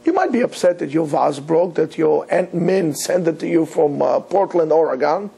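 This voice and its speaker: A man's voice: fairly high pitch, lively intonation, normal speed, creaky, mellow, husky. A man, a rabbi, teaching an earnest, emphatic Torah lecture, weaving Hebrew terms into his English.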